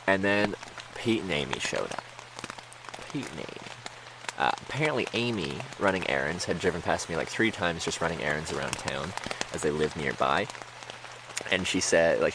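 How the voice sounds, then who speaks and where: Streamer, male, very low voice, loose rambling storyteller, steady rain in the background. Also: gravelly, noisy background. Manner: rambling, laughs often, many fillers. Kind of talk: casual storytelling to stream chat.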